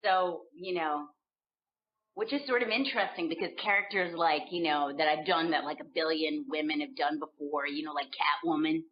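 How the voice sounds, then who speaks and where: Woman, 40s, voice actress guest; low-ish, animated, stumbling restarts; muffled lo-fi audio. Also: moderate pace. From United States. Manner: animated, laughing, searching for words with many restarts. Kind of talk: casual interview chat. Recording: dull lo-fi sound.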